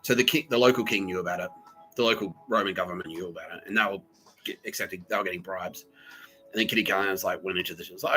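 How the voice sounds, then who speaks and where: A man's voice: sits low, steady tone, fast talker, sharp tone, soft background music, poor audio. Rambling, profane man. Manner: rambling, profane, full of fillers and restarts. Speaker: podcast host. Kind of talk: casual comedic monologue.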